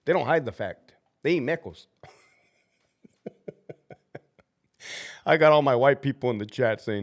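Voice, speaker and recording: A man's voice: medium pitch, moderate pace, long pauses. A man who used to be a prison officer, hosting a casual live stream and talking bluntly and profanely about use of force. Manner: profane, blunt, animated storytelling. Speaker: livestream host, former prison officer. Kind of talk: casual livestream chat.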